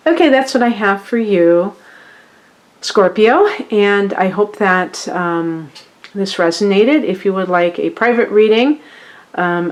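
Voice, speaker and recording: A woman hosting a casual tarot reading, relaxed and chatty, with frequent fillers. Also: on the low side. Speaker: astrology and tarot reader.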